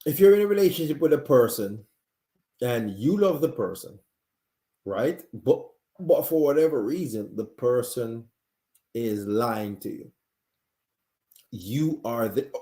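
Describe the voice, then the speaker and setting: A man hosts a live-streamed talk show while sick and coughing, with a mellow, dark tone. He speaks earnestly and directly to his audience and often restarts his sentences. The sound has the echo of a hard-walled room. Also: mid-range voice. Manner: earnest, talks straight to viewers, frequent restarts. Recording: echoey room.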